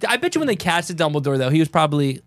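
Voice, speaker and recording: A man co-hosting a podcast in casual chat, easygoing and quick to laugh. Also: fairly high pitch, sing-song, no room sound, studio quality. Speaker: podcast co-host.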